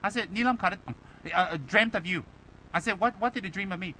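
High, bright-voiced lama teasing his students. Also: brisk, a little hiss or hum, low-quality recording. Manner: animated and teasing, fires rhetorical questions and mimics critics. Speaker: Buddhist lama teaching students. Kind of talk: informal dharma talk to students.

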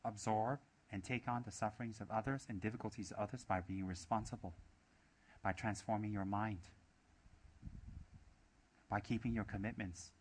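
Man, Buddhist teacher, dharma talk, slightly low pitch, repetitive, emphatic. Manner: emphatic, repetitive, full of rhetorical questions.

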